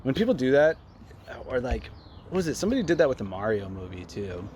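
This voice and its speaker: A man's voice: medium pitch, sing-song, fast talker, a little mellow, a little hiss or hum. A young man co-hosting a podcast, chatting casually and retelling stories with lots of fillers. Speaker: podcast co-host. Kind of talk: casual chat.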